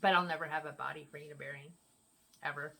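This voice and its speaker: A woman's voice: low voice, fairly even intonation, quick pace, vocal fry, bright, forceful tone. A woman hosting a casual at-home vlog, chatting and teasing her partner as they answer tag questions. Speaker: vlog host. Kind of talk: casual chat.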